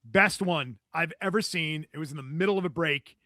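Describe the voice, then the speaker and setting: A man appears as a podcast guest and tells a story in casual conversation, laughing a lot and acting out what other people said. His voice is on the high side and brisk. The recording is dry and studio quality.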